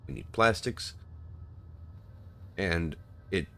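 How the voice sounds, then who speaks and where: A man casually commenting on his gameplay, relaxed and trailing off with fillers as he plays. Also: sits low, drawn-out words. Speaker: streamer playing a co-op game.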